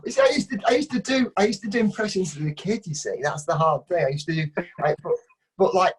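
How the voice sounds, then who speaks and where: A man's voice: high voice, quick pace, breathy edge. A middle-aged man, a kids' entertainer, giving dry, teasing answers in a casual interview. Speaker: kids' entertainer and ventriloquist guest.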